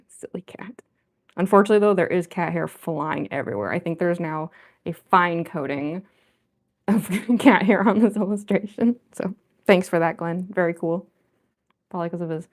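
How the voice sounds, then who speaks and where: Gravelly-voiced woman chatting on a livestream. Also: mid-range voice, darkish tone. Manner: chatty and giggly, with frequent laughs. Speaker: artist livestreamer. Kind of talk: casual livestream chat while drawing.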